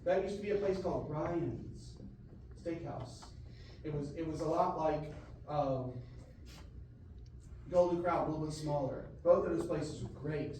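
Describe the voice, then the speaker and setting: A high-voiced band director leads a rehearsal, singing musical phrases and joking with his students. He is recorded from far off in a very echoey band room. Steady noise sits behind him. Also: measured pace, long pauses. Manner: sings phrases with syllables, jokes with students. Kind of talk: rehearsal instruction. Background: room ambience and noise.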